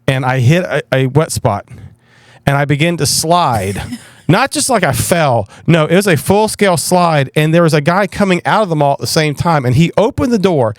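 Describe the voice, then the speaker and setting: A man, a pastor guest telling stories in an animated, self-deprecating way in a casual interview. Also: a little high, dry recording, studio quality. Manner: animated, self-deprecating storyteller with frequent restarts.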